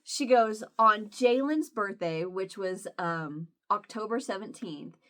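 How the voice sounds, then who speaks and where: A middle-aged woman talking casually to her viewers. She tells a family story and quotes her family as she goes, with a voice of middling pitch. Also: lively intonation, slow, a bit bright. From US Midwest. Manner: chatty storytelling, quoting family. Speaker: vlogger. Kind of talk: casual chat.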